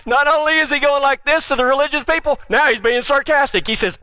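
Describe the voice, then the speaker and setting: A male preacher giving a sermon, retelling scripture with animated storytelling, then dropping to a quiet, earnest appeal. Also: extremely high pitch, a little fast, few pauses, no echo. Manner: animated storytelling, acts out the quoted speakers.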